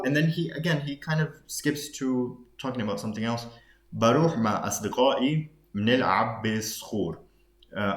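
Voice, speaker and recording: Low-voiced man teaching Arabic phrases. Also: echoey room. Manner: thinks aloud with many fillers and restarts; switches between English explanation and slow Arabic phrases. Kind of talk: explaining a reading lesson.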